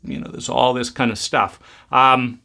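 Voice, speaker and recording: A man's voice: mid-range voice, level tone, unhurried, creaky, pushed and bright. A man giving a reflective spoken talk, rambling with many restarts.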